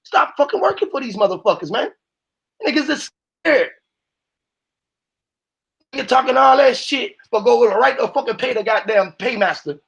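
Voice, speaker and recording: Man with a high voice, preaching hard and swearing freely as a speaker on a live call-in panel. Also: lively intonation, a little fast, vocal fry, few pauses, fairly bright tone. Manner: profane, fired-up, preachy.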